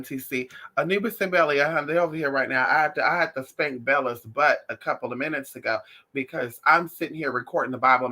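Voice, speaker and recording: A woman talking casually to her viewers in a lively, sassy way, often calling them honey and y'all. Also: sits low. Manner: animated, sassy, calls listeners honey and y'all. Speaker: spiritual class teacher, vlogger.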